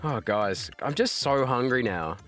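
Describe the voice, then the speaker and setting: A man in his thirties with a mid-range voice chats casually on a live stream at a measured pace, soft music playing behind him. He's animated, laughing and loudly exclaiming as he reacts to chat, all while fighting off hiccups.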